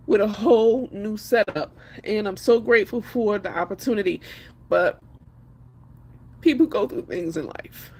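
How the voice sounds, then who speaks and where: A woman's voice: a little high, fairly bright tone. A woman speaking emphatically and defiantly on a live stream while crying. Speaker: livestreamer. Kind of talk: emotional live stream talk.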